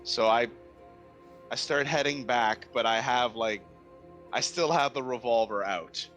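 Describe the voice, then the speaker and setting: A man's voice: medium pitch, measured pace, fairly bright tone, soft background music. A man playing a tabletop game, describing his actions in a casual, rambling way. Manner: casual, rambling, filler-heavy. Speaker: player.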